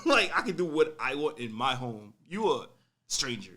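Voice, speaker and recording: A young man casually telling a personal story on a podcast, animated and full of slang, acting out what people said. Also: a little high, moderate pace. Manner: animated, slangy, acts out quotes.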